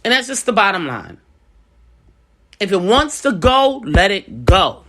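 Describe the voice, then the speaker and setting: This middle-aged woman, who owns a business, talks to camera in an unhurried, sing-song voice of medium pitch with a bit of brightness. Her casual advice is blunt and emphatic, with her points repeated over and over.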